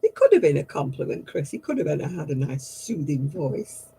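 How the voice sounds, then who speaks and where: A woman's voice: low voice, big pitch swings, normal speed, mellow, slightly rough, rough recording. A woman hosting a livestream craft night, who chats casually, tells stories and laughs at herself often. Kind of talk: casual chat.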